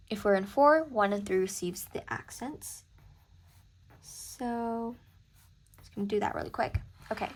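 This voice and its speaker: A woman tutoring music theory in a casual lesson, chatty and thinking aloud as she corrects herself. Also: medium pitch. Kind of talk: casual screen-recorded lesson.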